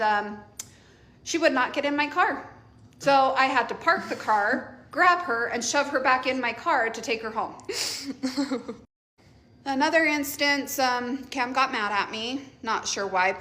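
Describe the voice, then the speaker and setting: A woman's voice: a little high, fairly bright tone. Blunt mother telling a storytime. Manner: laughs often, offhand and blunt. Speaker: mother telling a story about her teenage daughter. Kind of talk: casual storytime chat.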